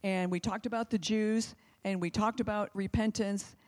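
A woman's voice: mid-range voice, fairly even intonation, normal speed. A woman preaching a live sermon to a church, conversational and fervent, often turning to the congregation with questions. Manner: fervent, urgent emphasis. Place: church service, also streamed online.

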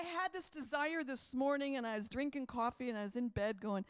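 Middle-aged woman preaching hard, fairly high voice, keeps repeating lines and building up loud. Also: expressive, moderate pace, hardly any pauses, smooth. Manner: impassioned, rising to shouts, repeating phrases. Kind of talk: charismatic sermon.

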